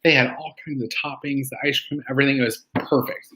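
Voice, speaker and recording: A man talks casually to his weight-loss community, rambling through stories with plenty of "like" and "um". He breaks into fired-up, preachy bursts of encouragement. His voice is bright and forceful, sitting in an ordinary middle pitch. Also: steady tone, fast talker, rough recording. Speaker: weight-loss community member speaking on a live meeting. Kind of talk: casual motivational talk.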